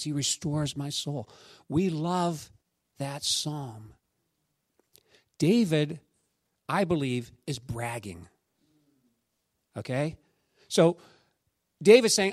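A man preaching a sermon, telling stories and quoting scripture, dropping to a hush and then rising to shouts. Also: medium pitch, no echo, clean studio sound. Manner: storytelling, swings from hushed to shouting. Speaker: pastor.

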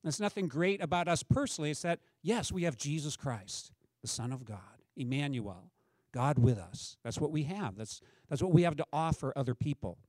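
Conversational male pastor, fairly high, dry sound. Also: lively intonation, normal speed, darkish tone, no echo. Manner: conversational preaching with rhetorical questions. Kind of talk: sermon.

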